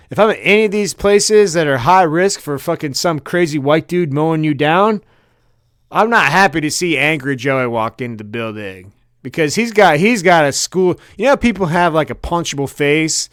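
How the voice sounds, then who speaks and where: A man's voice: a little high, smooth, no echo, clean studio sound. A young man on a comedy podcast, ranting casually and profanely, acting out quotes and laughing as he tells stories. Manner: profane, animated storytelling with laughs and acted-out quotes. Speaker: podcast co-host.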